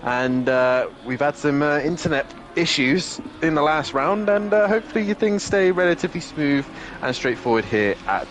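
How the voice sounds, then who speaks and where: A man's voice: a little high, animated, normal speed, few pauses, a bit bright, soft background music. A man co-commentating a sim racing broadcast in a casual, rambling way with many fillers.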